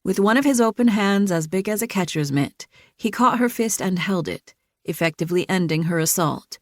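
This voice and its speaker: A woman narrating an audiobook thriller in a steady, measured reading. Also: medium pitch, no room sound, clean studio sound. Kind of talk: scripted narration.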